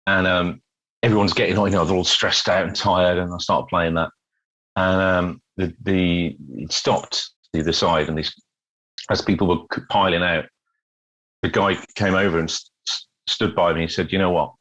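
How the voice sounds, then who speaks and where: A man's voice: deep voice, moderate pace, highs cut off. A middle-aged British man, a busker, telling stories in a casual interview, often repeating words as he goes. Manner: animated storyteller, repeats words, acts out quotes. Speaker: guest busker.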